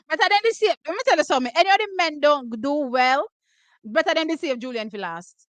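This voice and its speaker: A Jamaican woman hosting a watch party, reacting live to races with loud, excitable exclamations and slipping between patois and English. Her voice is hoarse and giving out. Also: high-pitched, dry recording, low-quality recording. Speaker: track and field watch-party host. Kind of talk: live race reaction commentary.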